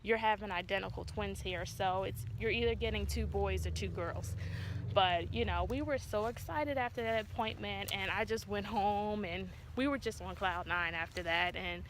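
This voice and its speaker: A woman's voice: medium pitch, moderate pace, noisy background. A woman vlogger telling a personal story to her viewers in a casual way, acting out what people said. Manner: animated retelling, acts out quotes. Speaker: vlogger, mother of twins.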